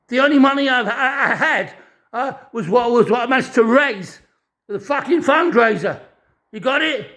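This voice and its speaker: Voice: sits high, normal speed, sharp tone. Furious, swearing ranter. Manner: swears constantly, stammers and restarts phrases. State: distressed and furious. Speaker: vlogger living in a hostel. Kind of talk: angry ranting monologue.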